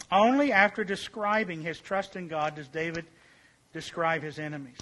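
A male preacher with a notably high, bright voice delivers a sermon. He presses his points by repeating key words and slowing down. His voice often sinks to a quiet hush at the end of a thought. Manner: emphatic, repeats key phrases, slows and drops to a hush for emphasis.

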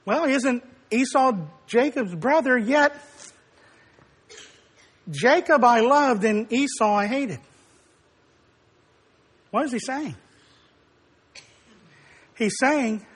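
High-voiced emphatic male preacher. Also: very slow, pauses often, husky. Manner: emphatic, rising to forceful declarations; acts out quoted dialogue in storytelling. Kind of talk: sermon.

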